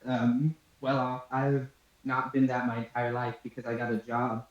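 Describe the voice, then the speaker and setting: A man's voice: medium pitch, completely flat delivery, normal speed, recorded from a distance, pitched below the performer's own voice, lightly acted. Smug rich girl hacker, a man voices. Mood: patronizing. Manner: patronizing, rambling. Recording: echoey muffled room mic.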